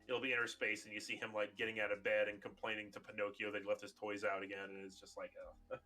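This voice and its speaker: A man's voice: lowish voice, little pitch movement, quick pace, pushed and bright, faint music behind. A young man hosting a podcast, chatting casually and rambling with lots of fillers. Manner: rambling, many fillers, acts out quotes. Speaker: podcast host. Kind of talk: casual chat.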